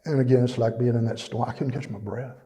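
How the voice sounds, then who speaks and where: A man's voice: mid-range voice, steady tone, fast, dark tone. Man, middle-aged, plainspoken church testimony with many fillers, echoing through a reverberant hall. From East Texas. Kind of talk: personal testimony.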